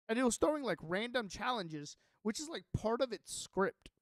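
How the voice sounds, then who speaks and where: A man's voice: very high voice, lively intonation, normal speed, hardly any pauses, fairly bright tone, no room sound, clean studio sound. A young man live-streaming a game, chatting loosely with his viewers and reading his own notes aloud in a rambling way. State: sleepy, yawning. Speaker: Minecraft streamer. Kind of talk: casual live-stream chat.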